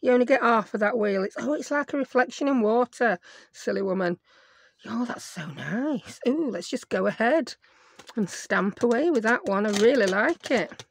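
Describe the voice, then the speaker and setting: A woman hosting a crafting tutorial, her voice croaky, chatting and thinking aloud as she works at her craft desk at home. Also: fairly high pitch, animated, moderate pace. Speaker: craft video host.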